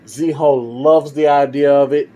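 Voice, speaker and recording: A man's voice: on the high side, fairly even intonation, measured pace, mellow. A man casually telling his own fan story, rambling as he goes. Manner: rambling, with fillers and restarts.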